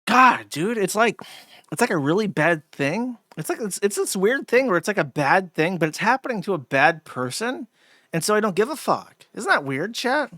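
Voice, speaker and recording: A man's voice: sits high, sing-song, moderate pace, sharp tone, no room sound. A man hosting a livestream, rambling through crude, sardonic commentary with lots of fillers, close to a desk mic. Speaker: streamer and host.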